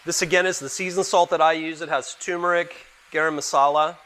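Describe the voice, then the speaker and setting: A man's voice: fairly high pitch, steady tone, brisk, sharp tone, a little hiss or hum. Chatty man walking through a recipe. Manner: chatty, keeps addressing viewers as guys. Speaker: guest cook. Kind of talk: cooking demonstration.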